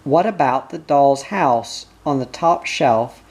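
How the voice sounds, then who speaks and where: A slow-paced reader voicing a boy who is earnest, worried, and urgent in an audiobook. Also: mid-range voice, expressive, darkish tone. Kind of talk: audiobook character reading.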